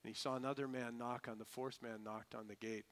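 Bright, clear-voiced male preacher. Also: level tone, fairly quick. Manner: rising to emphatic peaks, then dropping to hushed low lines. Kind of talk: sermon.

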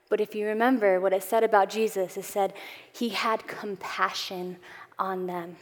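A woman preaches a Bible lesson to a gathering of women, her voice sitting in an ordinary middle register. She talks earnestly and expressively, pushing some phrases out with force and pulling others down low. A long reverb trails each phrase, as in a large hall. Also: normal speed. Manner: earnest, expressive preaching with emphatic swells and soft drops. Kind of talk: sermon.

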